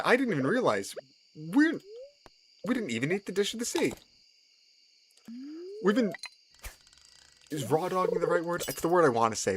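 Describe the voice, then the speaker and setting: Young male streamer, excitable and lively in pitch, repeats lines, laughs a lot. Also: slight background noise. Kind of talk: casual gameplay commentary.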